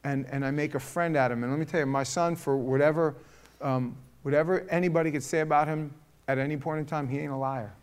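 A middle-aged man leading a casual parenting talk to a group, telling stories in a lively, animated way. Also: fairly high pitch, fast, few pauses, smooth.

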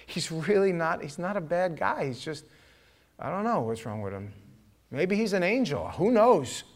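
A middle-aged man preaching a sermon, telling stories with acted-out voices and rising to shouts at the peaks. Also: sits high, normal speed. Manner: animated storytelling, acting out voices, shouting at peaks. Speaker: pastor.

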